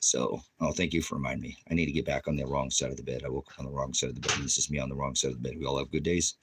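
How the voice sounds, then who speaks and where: A man preaching and rambling in a home vlog, talking fondly to his dogs and dropping to hushed murmurs. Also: a bass voice, fairly even intonation, very fast, slightly rough, poor audio. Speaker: ranch ministry preacher.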